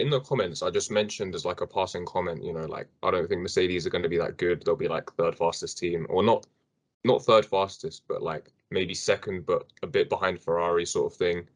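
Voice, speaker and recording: A young man hosting a casual sports podcast, chatty and rambling, with fillers and restarts. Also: sits low. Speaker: podcast host.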